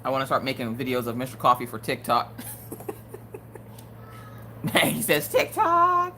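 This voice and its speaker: A woman's voice: rumbling low, steady tone, normal speed, fairly bright tone, a little hiss or hum. A woman hosting a casual live crafting stream, chatty and joking, laughing often.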